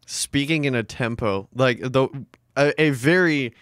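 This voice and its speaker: A man's voice: mid-range voice, unhurried, fairly bright tone, no echo, studio quality. A man co-hosting a podcast in easygoing casual chat, laughing along. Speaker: podcast co-host.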